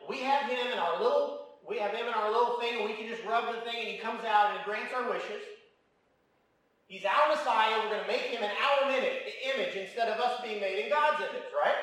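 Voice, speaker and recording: A man with a high voice preaching a sermon. He asks his listeners question after question and drives points home by repeating them. He sounds far from the mic in a big, strongly echoing room, likely a church. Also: a bit bright. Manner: asks the audience many rhetorical questions and repeats lines for emphasis. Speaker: pastor.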